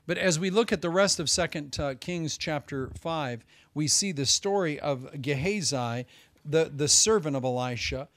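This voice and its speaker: A man preaching a Sunday sermon as pastor, swinging between loud emphasis and hushed asides. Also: on the high side, moderate pace, no echo.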